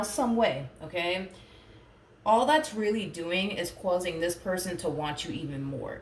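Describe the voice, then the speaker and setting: Low-voiced casual woman tarot reader. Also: roomy sound, a little hiss or hum. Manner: chatty, filler-heavy, reluctant to get emotional.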